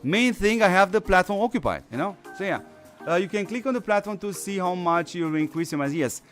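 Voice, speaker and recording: Brief: male gaming host, losing his voice, loose rambling delivery, slightly high voice, faint background music. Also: animated, fairly quick, fairly bright tone. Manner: rambling, many fillers and restarts. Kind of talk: casual stream commentary.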